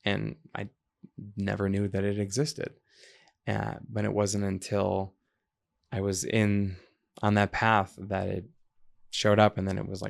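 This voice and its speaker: A man from the United States speaks as a podcast guest, with a low, gravelly voice. He talks reflectively and drifts into stories. He animates the people he quotes. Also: completely flat delivery, measured pace, pauses often. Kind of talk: conversational interview.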